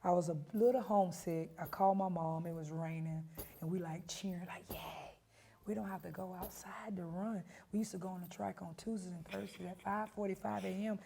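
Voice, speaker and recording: A woman in her fifties, a head coach, telling stories in an emphatic, animated way during an interview. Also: on the low side, a little fast, creaky, slight background noise. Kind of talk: storytelling interview.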